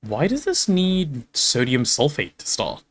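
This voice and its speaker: Lively chatty man streaming a game. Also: medium pitch, a little slow, slightly rough. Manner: chatty, reads out chat, talks to himself while playing. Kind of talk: casual game stream chat.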